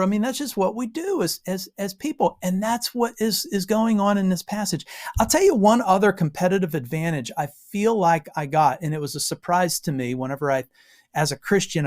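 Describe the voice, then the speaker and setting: An American woman from Western Pennsylvania giving an informal Bible exposition, telling stories with frequent asides. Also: low voice. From Western Pennsylvania, USA. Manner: animated storytelling with frequent asides. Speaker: Bible teacher.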